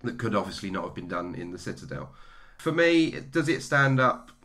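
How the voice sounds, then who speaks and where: A man's voice: on the low side, very animated, normal speed, sharp tone, slight background noise. A man co-hosting a podcast, chatting enthusiastically about a film with many restarts. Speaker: podcast co-host. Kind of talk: casual film-review chat.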